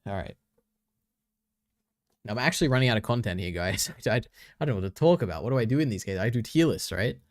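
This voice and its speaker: A man's voice: fairly low pitch, animated, quick pace, pauses often, no room sound, clean studio sound. A young man streaming, reacting to videos in an offhand, chatty way and thinking aloud.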